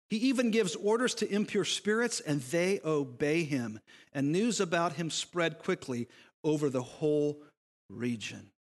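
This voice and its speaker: Man, pastor, emphatic sermon, rhetorical questions, long church reverb. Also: high voice.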